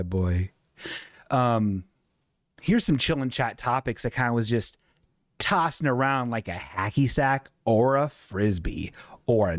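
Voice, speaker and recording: A man hosts a live comedy stream in a loose, rambling way, swearing and laughing as he goes. His voice sits in a middle pitch and is recorded close and dry, with no room sound around it. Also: dry recording. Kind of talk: rambling casual chat.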